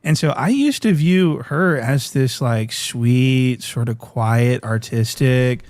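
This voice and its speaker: A man's voice: medium pitch, lively intonation, slow pace, a little mellow, dry recording. A man hosting reaction commentary, talking in a mocking, incredulous way. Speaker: commentary channel host.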